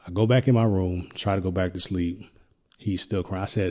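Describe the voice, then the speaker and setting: A middle-aged man hosting a podcast, telling a personal story in a reflective, halting way with many restarts. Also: low voice, fairly even intonation, darkish tone. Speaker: podcast host.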